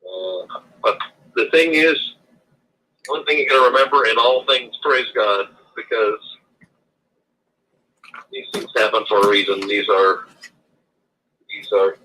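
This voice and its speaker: A man calling in to a casual chat show, halting and repeating himself, with religious turns of phrase, heard over lo-fi call audio. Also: fairly low pitch, pushed and bright, husky. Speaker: guest.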